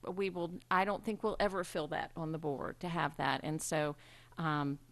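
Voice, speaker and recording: A woman presiding over a public school board meeting delivers a formal tribute, speaking in a somewhat low voice. She pauses often and fills the gaps with ums. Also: dry recording. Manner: warm halting delivery with frequent ums.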